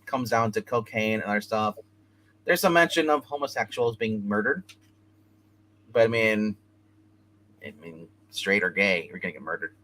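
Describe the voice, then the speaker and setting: A man with a bright, forceful voice reviews comics in a loose, rambling way. He retells the scenes and drops into quick snippets of dialogue as he goes. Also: on the low side, rough recording. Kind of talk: casual comic book review.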